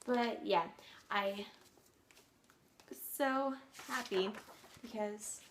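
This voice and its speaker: A woman's voice: mid-range voice, very slow, background noise. A teenage girl chatting casually about her new books, bubbly and gushing, rambling with lots of fillers. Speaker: book vlogger. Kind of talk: casual book haul chat.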